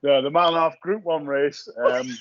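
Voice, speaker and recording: A man's voice: a little high, fairly bright tone, muffled recording, slight background noise. Chatty man previewing horse races. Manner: chatty, hesitant restarts, laughs at own jokes. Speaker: podcast host. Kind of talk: casual racing tipster chat.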